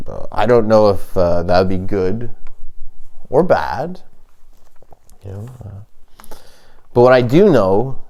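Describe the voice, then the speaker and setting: Rambling sardonic man, wildly swinging pitch. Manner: halting, full of fillers and restarts; sardonic, deadpan jabs. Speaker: comedian host. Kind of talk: rambling comic monologue.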